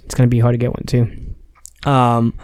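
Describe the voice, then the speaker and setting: Young male comic, smooth clear voice, dry close sound, rambling casual storyteller. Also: mid-range voice, completely flat delivery, fairly quick, a little mellow, dry recording. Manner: loose, rambling storyteller who acts out quotes. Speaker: stand-up comic.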